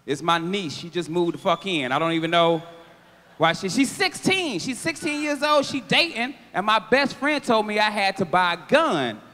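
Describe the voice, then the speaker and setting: A man in his thirties doing a stand-up comedy set on a theater stage, loud and animated, shouting his punchlines. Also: high-pitched, normal speed. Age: 30s. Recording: long theater reverb.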